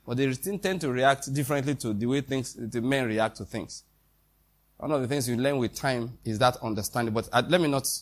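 A man preaching a sermon in a conversational way, with quoted dialogue and questions to the congregation. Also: medium pitch.

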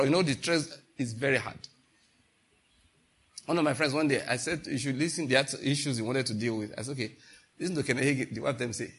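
A man's voice: medium pitch, fairly quick, slightly rough. A male preacher delivering a sermon, telling stories and acting out quotes with laughter. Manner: animated, storytelling with laughter and acted-out quotes.

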